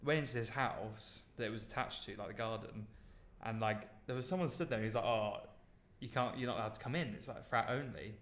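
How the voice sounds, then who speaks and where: A young British man with a fairly low, slightly bright voice co-hosts a podcast, speaking fairly quickly with few pauses. He rambles through casual stories packed with "like" and other fillers, and the room has a noticeable echo.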